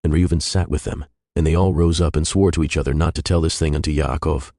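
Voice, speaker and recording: Male scripture reader, extremely low voice, brisk solemn narration, dry booth. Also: fairly even intonation, warm tone, no room sound.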